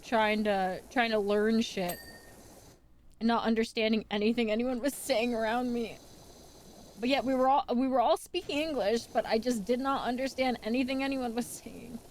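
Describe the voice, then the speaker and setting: A woman's voice: fairly high pitch, fairly even intonation, moderate pace, a little hiss or hum. A woman from Newfoundland streaming live, rambling casually with lots of restarts and casual swearing.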